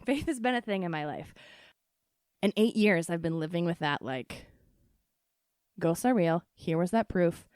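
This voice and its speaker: A young adult woman hosting a podcast, telling a personal ghost story casually, with laughs, swearing and quick asides. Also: on the low side, animated, a little mellow, no room sound, clean studio sound. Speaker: podcast host.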